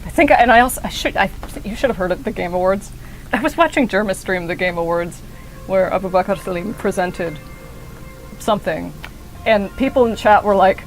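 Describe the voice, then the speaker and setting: A young woman streaming a game, talking in a rambling, excitable way and swearing often. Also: medium pitch, fairly quick, soft background music, poor audio. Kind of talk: casual gameplay commentary.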